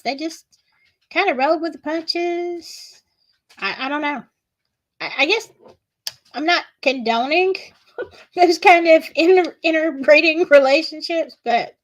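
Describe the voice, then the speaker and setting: Southern woman streamer, slightly high voice, slow chatty storytelling. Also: fairly bright tone. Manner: chatty, gossipy, reads chat aloud. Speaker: livestream host. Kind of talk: casual livestream chat.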